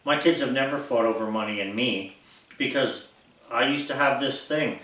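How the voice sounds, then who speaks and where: A blunt, rambling man in his sixties lectures his viewers in an unscripted talk. His voice sits at an ordinary middle pitch. It echoes heavily around the room and sounds a fair way from the mic. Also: fairly even intonation, moderate pace, fairly bright tone, recorded from a distance. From United States. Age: 60s. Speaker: vlogger.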